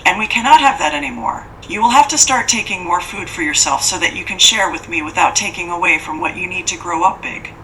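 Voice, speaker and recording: A woman's voice: lowish voice, fairly quick, hardly any pauses, sharp tone. A woman voicing an ancient female monster who speaks in a formal, cool and scolding way. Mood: stern. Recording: faint noise, distant from mic.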